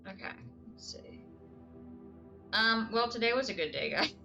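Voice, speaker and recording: A woman's voice: on the high side, lively intonation, a little slow, creaky, pushed and bright, soft background music. A woman streaming a game live, chatting casually with her viewers and giggling often. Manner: chatty, giggly, answers chat.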